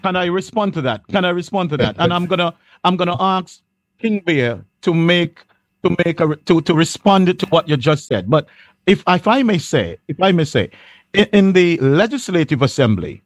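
Man, talk show host, high voice, repeats phrases while steering. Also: very animated, moderate pace, no echo. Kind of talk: panel discussion.

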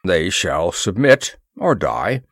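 A man's voice: lowish voice, sing-song, measured pace, no room sound, studio quality. A man voicing a cold, imperious male usurper king in an audiobook, with heavy, grim, commanding speech. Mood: grim warning. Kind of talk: audiobook character voice.

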